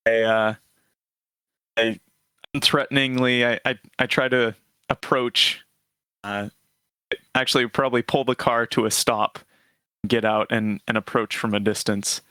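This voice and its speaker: A man's voice: mid-range voice, steady tone, unhurried, long pauses, sharp tone, smooth, no room sound. A man playing a tabletop game, describing his moves in a casual, hesitant way. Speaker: player. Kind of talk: tabletop role-play chat.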